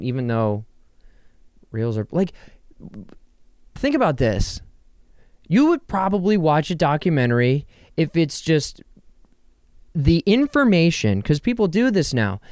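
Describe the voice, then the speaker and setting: A young man hosting a casual solo podcast from his bedroom, rambling and joking with quick asides to himself. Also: on the high side, darkish tone, smooth, dry recording, clean studio sound. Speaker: podcast host.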